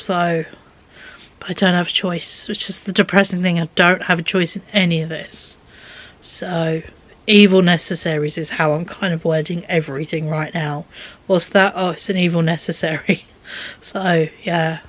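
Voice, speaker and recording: A young woman talks into a handheld camera in her bedroom, her voice a touch low and worn out. She rambles in a casual vlog manner, trailing off into soft, breathy near-whispers when she is exhausted. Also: steady tone, normal speed, low-quality recording. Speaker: vlogger. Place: bedroom at home.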